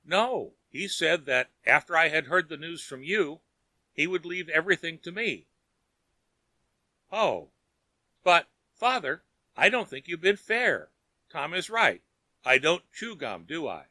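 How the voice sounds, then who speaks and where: An earnest young woman pleads and presses eagerly, as a man reading a story puts her on. The voice sits higher and very bright, with a lively, swinging melody. It is recorded close and dry. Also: measured pace, pauses often, no echo, heavily acted. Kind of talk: audiobook character reading.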